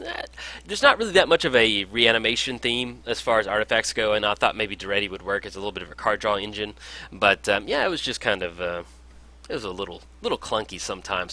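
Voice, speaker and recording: A man's voice: on the low side, sharp tone. A man casually commentating his own card game match in an upbeat, chatty way, with frequent fillers. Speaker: gameplay commentator.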